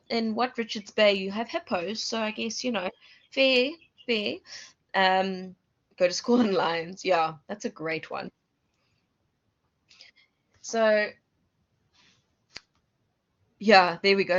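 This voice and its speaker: A South African woman lecturer giving an online class, chatty and self-correcting, asking her students questions. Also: medium pitch. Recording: muffled lo-fi audio.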